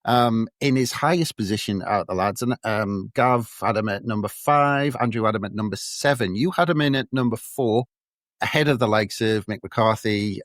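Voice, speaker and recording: A man hosts a casual football podcast in a relaxed, teasing way, filling pauses with hesitant ums. His voice sits on the low side and sounds dry and close to the mic. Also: dry recording. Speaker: podcast host.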